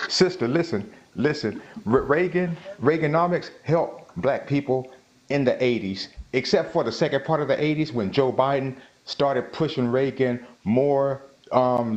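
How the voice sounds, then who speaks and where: A man's voice: mid-range voice, normal speed, muffled recording. A man calling in to a discussion, arguing his point emphatically and repeating himself as he presses on. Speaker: caller. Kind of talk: heated political argument.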